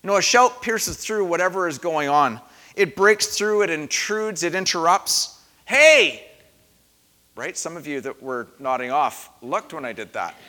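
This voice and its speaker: A man preaching a sermon in a dramatic way, often dropping to a hush and then rising loud for emphasis. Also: fairly high pitch, expressive, normal speed. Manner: dramatic, varies loudness for emphasis. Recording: long hall reverb.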